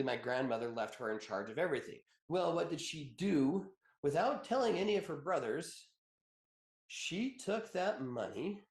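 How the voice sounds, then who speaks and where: Joking attorney guy doing a webinar, chatty storyteller, middle pitch, echoey room. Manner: chatty, joking, tells personal stories, laughs often. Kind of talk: conversational webinar presentation.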